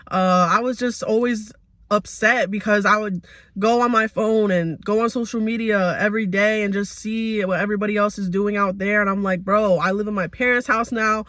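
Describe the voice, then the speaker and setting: A man's voice: sits high, sharp tone, dry recording. A young man around twenty giving a casual, heartfelt personal faith testimony in a confessional way. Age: young adult. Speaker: vlogger.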